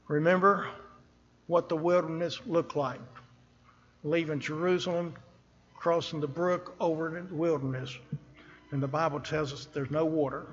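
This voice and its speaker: A man preaching a sermon from a church pulpit, speaking slowly and earnestly and pressing hard on the scripture he reads. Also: fairly high pitch, steady tone, fairly bright tone, in a large hall, muffled recording. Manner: earnest, slow and emphatic, rising on scripture.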